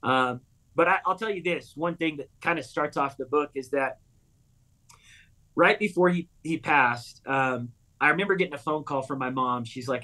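A man's voice: medium pitch, moderate pace. Guy in his 30s, pastor telling his story on a talk show, earnest, acts out the dialogue. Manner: earnest, animated retelling with quoted dialogue. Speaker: pastor and author.

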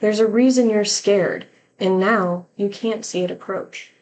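A woman's voice: medium pitch, steady tone, unhurried, a little mellow, slight background noise, poor audio. A woman hosting a casual podcast, reading short horror stories aloud and chatting with a lot of laughter. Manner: giggly, reads stories aloud.

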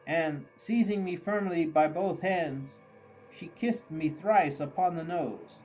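A man reading a classic story aloud as an audiobook narrator, slow and deliberate. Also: a little high, a little mellow, faint music behind, poor audio. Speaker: audiobook reader. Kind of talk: scripted narration.

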